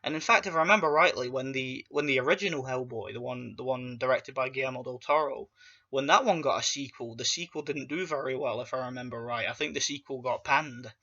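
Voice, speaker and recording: A man's voice: mid-range voice, brisk, pushed and bright, dull audio. A man giving a casual, ranting movie review in a blunt, profane and dismissive way.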